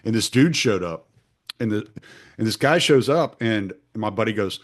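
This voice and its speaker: A middle-aged man hosting a podcast, telling stories in blunt, profane casual talk that gets animated. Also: fairly low pitch, normal speed. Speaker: podcast host. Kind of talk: casual conversational storytelling.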